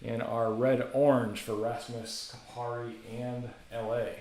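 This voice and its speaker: A man's voice: medium pitch, flat delivery, a little slow, a little mellow, reverberant, slight background noise. A man hosting a live card break, casually calling out cards and chatting with viewers. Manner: casual, chatty, rattles off names.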